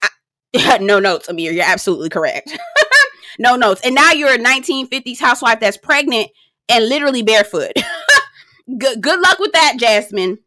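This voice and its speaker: Young woman, blunt and sassy recapper, higher voice, dry close sound. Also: animated, moderate pace, bright, forceful tone, no room sound. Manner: sassy, blunt and profane, laughs often; chatty, speaks straight to viewers. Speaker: reality show recapper. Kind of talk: casual commentary recap.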